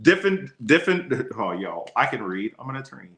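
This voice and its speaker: Bright-voiced man teaching law casually. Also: mid-range voice, sing-song, normal speed, reverberant. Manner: casual, chatty, addresses his co-host by name often. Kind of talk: casual livestream law lesson.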